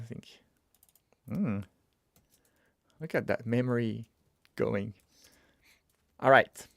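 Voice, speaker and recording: Man hosting a casual coding stream, mid-pitched, chatty and excitable, thinks aloud, dry close mic. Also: creaky, no room sound. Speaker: streamer teaching web development.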